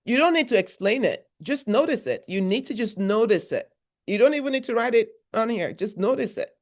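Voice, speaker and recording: A woman's voice: fairly high pitch, expressive, a little fast, darkish tone. A woman from Nigeria, a therapist giving a motivational workshop talk in a conversational, repetitive style with emphatic asides.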